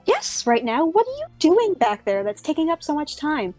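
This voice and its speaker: A woman voicing a dwarven innkeeper woman, brisk and exasperated. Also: high voice, big pitch swings, a little mellow, dry recording, soft background music, pitched above the performer's own voice.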